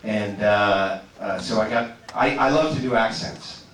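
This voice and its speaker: A man's voice: lowish voice, unhurried, fairly bright tone. A man answering fan questions as a guest actor at a convention, chatty, stammering through restarts and laughing easily. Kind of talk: casual convention Q&A. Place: large convention hall stage. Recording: echoey hall, far from the mic, noisy.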